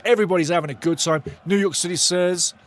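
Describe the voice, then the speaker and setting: A man hosting a live football watch-along, shouting and swearing excitedly while calling the play and reading out chat messages. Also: high voice, quick pace. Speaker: watch-along host and fan commentator. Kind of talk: live fan match commentary, reading chat.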